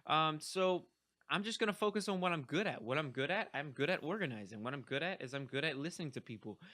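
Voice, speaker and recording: A young man talks straight to his camera in a loose, rambling vlog, full of fillers and restarts. His voice is bright and sits a little high, and he keeps an upbeat, encouraging manner. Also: lively intonation, fast talker. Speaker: vlogger. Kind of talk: casual talking-head vlog.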